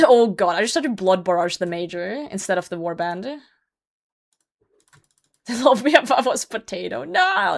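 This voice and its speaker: A woman's voice: medium pitch, animated, normal speed, vocal fry, long pauses. Blunt, laughing young woman streamer. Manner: blunt, self-mocking, laughs often, swears. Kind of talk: casual live game commentary.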